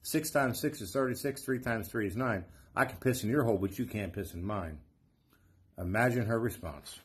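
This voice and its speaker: A man with a husky, breathy voice tells a joke in a soft, low-key way. The delivery stays quiet and even. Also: normal speed. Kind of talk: casual joke telling.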